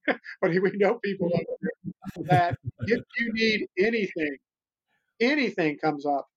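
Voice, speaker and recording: An older man from the United States speaks in a high register, earnest and full of restarts as he tells his stories. The audio sounds dull and lo-fi, like a remote interview. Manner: earnest, rambling, many restarts. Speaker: podcast guest, animal rescuer. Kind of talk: casual interview storytelling.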